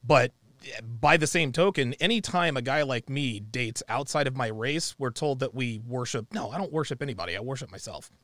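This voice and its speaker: A man's voice: medium pitch, expressive, brisk, fairly bright tone, no echo. A man from the United States hosting a call-in show, blunt and opinionated, cutting in on callers with repeated interruptions.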